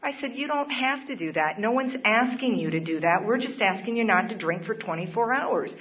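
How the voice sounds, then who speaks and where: A woman's voice: on the high side, lively intonation, brisk. A woman speaking at a recovery meeting, sharing her own story in an earnest, plainspoken way with occasional laughs. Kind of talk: personal testimony at a support meeting. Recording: dull lo-fi recording.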